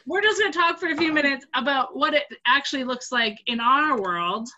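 An adult woman telling a Bible story to kids and leading a group talk, acting out the characters with a lively voice. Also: high voice, brisk, muffled recording. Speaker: youth group leader.

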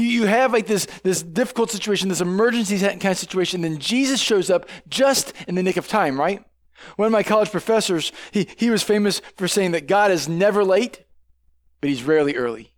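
A man with a high voice preaching to a congregation. He speaks in a loose, conversational way, tossing in "right?" and restarting his sentences as he goes. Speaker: pastor. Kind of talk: sermon.

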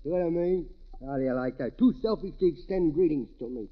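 A man's voice: fairly high pitch, quick pace, lightly acted. An actor playing a tipsy, wisecracking man on Christmas, with slurred, rambling drunk patter, in 1940s radio comedy style. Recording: noisy dull old radio broadcast.

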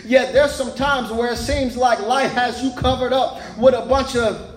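A male pastor delivers a sermon in a very high voice, stacking repeated words as his preaching builds. The sound carries a roomy echo around him. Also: fairly even intonation, normal speed, background noise.

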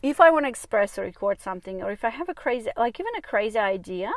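A woman's voice: on the high side, very animated, fast, no room sound. A woman hosting her own podcast, talking candidly and rambling, swearing freely, recorded in a parked car on a small mic plugged into her phone. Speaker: podcast host and dating coach. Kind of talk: candid solo podcast monologue. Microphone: small clip-on mic on a phone.

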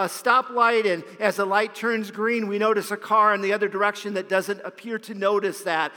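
A man's voice: sits high, bright, forceful tone. A man, a pastor, preaching a sermon and telling a story, often repeating a word as he starts a phrase. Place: church sanctuary. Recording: long hall reverb.

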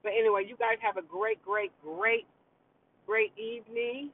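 High-pitched New York woman, tinny and distant. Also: fairly even intonation, normal speed. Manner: emphatic, chatty, repeats words. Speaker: podcast host. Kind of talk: casual monologue to listeners. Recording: tinny phone-like sound, distant from mic.

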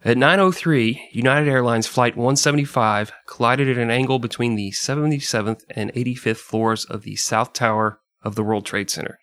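A man's voice: medium pitch, normal speed, hardly any pauses, fairly bright tone, no echo. A man hosting a casual podcast, reading historical passages aloud and laughing often between them. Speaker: podcast host.

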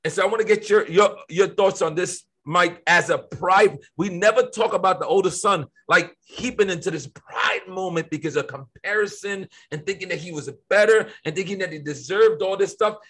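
Man, co-host, high-pitched and forceful, emphatic preacher-style Bible talk. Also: slightly rough. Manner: emphatic, preacherly, quick to stress points. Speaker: co-host of a faith discussion. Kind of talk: conversational Bible teaching.

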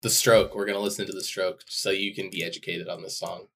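A man's voice: low voice, flat delivery, fast, a bit bright, a little hiss or hum. A man co-hosting a podcast, teasing his partner in casual chat and laughing often. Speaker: podcast co-host.

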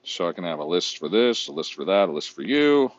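A man's voice: low-pitched, sing-song, fairly quick, no room sound, dull audio. A man vlogging in a casual, rambling, profane way while browsing online, often mocking himself.

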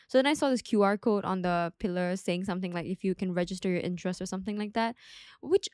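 A young woman hosts her solo podcast, talking in a loose, rambling way full of fillers and asides. Her voice sits at an ordinary middle pitch. It is recorded close and dry, with no room sound. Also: fast talker, dry recording. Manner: chatty, rambling, lots of "like" and asides. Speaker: podcast host. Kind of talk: casual solo podcast chat.

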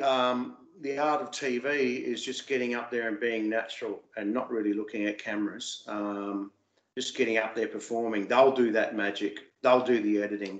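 A man guest in a casual interview, hesitant and repeating words, getting animated as he recalls. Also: on the low side, roomy sound, dull audio. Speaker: interview guest, former singing show contestant.

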